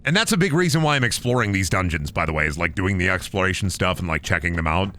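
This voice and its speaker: A low-voiced man talks fast while streaming a game, slight background noise behind him. He rambles and rants with lots of swearing, keeping his play-by-play casual and animated.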